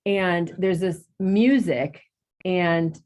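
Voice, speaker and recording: A middle-aged woman tells a story to her coworkers in a meeting room. Her voice sits a bit low but jumps high whenever she acts out what someone said. Her chat is casual and lively. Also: drawn-out words. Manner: animated, acts out quotes with big jumps in pitch. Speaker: real estate agent in coaching group.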